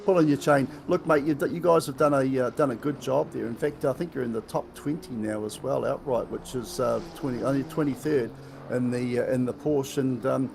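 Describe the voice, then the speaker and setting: A man's voice: mid-range voice, brisk, creaky, background noise. A man with a New Zealand accent commentating a live sim race, chatty and joking, with lots of fillers and restarts.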